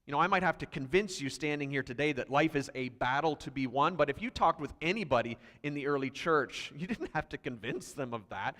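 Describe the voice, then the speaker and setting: A man's voice: mid-range voice, expressive, fast talker, few pauses, fairly bright tone, big-room sound. A man pastor preaching a sermon emphatically, reading scripture aloud with growing intensity. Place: church hall.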